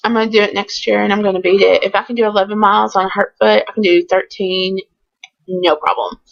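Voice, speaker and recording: A woman's voice: mid-range voice, flat delivery, fast, creaky. Chatty woman vlogging, lo-fi. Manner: chatty and candid, with many ums. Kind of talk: casual storytime vlog.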